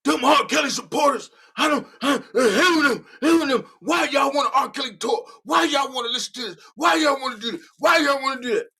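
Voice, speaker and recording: A man voicing an indignant man who rants and fires off repeated shouted questions. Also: extremely high pitch, fairly quick, vocal fry, few pauses, pitched above the performer's own voice, exaggerated voice. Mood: indignant ranting. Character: indignant man ranting against fans.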